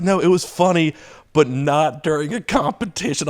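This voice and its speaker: Laughing, animated male comedian telling stories. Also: medium pitch, normal speed. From Texas. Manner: animated, laughs while telling stories, acts out quoted voices. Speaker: stand-up comedian guest. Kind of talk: casual storytelling chat.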